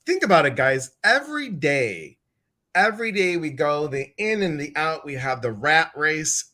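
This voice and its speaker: A man's voice: medium pitch, bright, forceful tone. A man hosting a casual live-stream interview, chatty and exuberant, greeting viewers and reading their comments aloud. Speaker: host.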